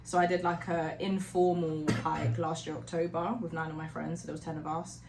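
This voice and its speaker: A woman's voice: sits low, flat delivery, a little fast. A woman, a podcast guest chatting in a bubbly way and laughing easily. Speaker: guest, hiking group founder. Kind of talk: casual podcast chat. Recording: roomy, faint background noise.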